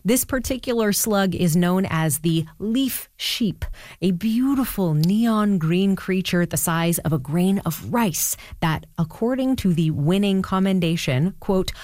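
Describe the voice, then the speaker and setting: A woman's voice: on the low side, darkish tone, dry recording, studio quality. A woman hosting a radio show, reading a scripted segment in a wry, conversational way.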